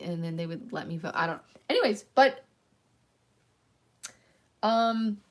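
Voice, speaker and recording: Speaking in a mid-range, expressive, unhurried voice, a young woman from Canada chats casually on her own livestream channel as its host. Her talk rambles and is heavy with fillers such as "like" and "um."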